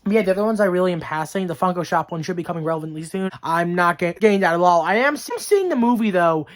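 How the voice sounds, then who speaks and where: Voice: medium pitch, expressive, fast talker. A vlogger chatting casually through the hiccups, rambling with lots of fillers and restarts. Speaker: collectibles news vlogger. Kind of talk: casual vlog chat.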